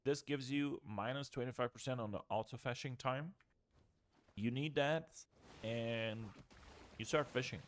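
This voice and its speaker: A man's voice: medium pitch, a little slow. A young man streaming a video game, explaining gear in a loose, chatty way that trails off and restarts. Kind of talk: casual gameplay walkthrough.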